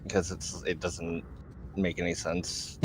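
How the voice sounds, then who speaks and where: A man in a casual voice chat calmly explaining game achievements with lots of ums and likes. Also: low-pitched, slow, gravelly, a little hiss or hum. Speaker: guest explaining game features.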